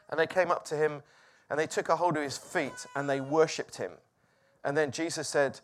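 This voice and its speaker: A man preaching a sermon, moving between loud exclamations and hushed, quiet lines. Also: on the high side, a little fast.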